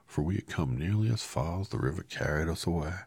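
A man voicing an earnest, friendly scarecrow, a little higher than his reading voice. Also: lively intonation, a little fast, vocal fry, a little mellow, a little hiss or hum. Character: cheerful, earnest straw scarecrow, male.

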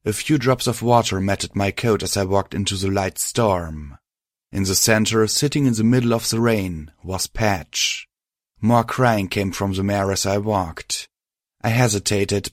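A man reading a first-person story aloud in a steady, measured way. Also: on the low side, no room sound, studio quality. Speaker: reader. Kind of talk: first-person fan fiction audiobook narration.

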